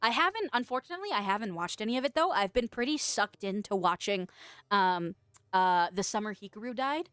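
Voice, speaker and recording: A woman streaming as a VTuber, chatting casually with viewers, playful and quick to laugh, with casual swearing. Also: mid-range voice, expressive, a bit bright, smooth, no echo. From United States. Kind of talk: casual chat reading viewer messages.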